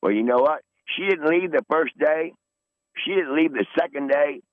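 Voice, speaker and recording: A man's voice: a little high, moderate pace, no room sound. A man in his sixties, calling into a podcast, telling rambling profane stories in a combative, boastful way. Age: 60s. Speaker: regular caller on a podcast. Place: in his van. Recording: tinny phone line.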